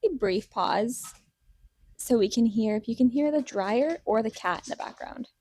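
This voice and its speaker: A woman in her twenties co-hosting a podcast from home, teasing her friend with quick, playful questions. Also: a little high, lively intonation, mellow, breathy edge, no echo. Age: 20s. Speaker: podcast co-host. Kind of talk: casual chat. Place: home room. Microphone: podcast mic.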